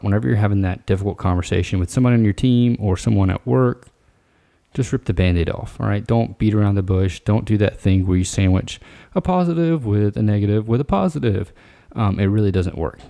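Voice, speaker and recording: Gravelly low-voiced man coaching casually. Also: warm tone. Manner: casual, direct, coaching tone with frequent "all right". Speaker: podcast host. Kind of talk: solo podcast talk giving advice.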